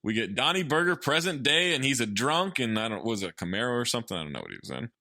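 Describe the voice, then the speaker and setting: A man's voice: medium pitch, big pitch swings, fast talker, sharp tone, dry recording, studio quality. A man co-hosting a podcast, casually recapping a film's plot with profanity and laughter. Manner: loose, profane, laughs while summarizing plot. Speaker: podcast co-host recapping a film. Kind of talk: casual chat.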